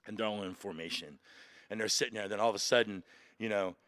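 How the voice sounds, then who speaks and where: A man's voice: lowish voice, quick pace, dry recording. Man retelling a boot camp story. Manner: animated retelling, acting out shouted orders. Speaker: podcast guest, Marine veteran. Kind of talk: emotional storytelling. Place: museum.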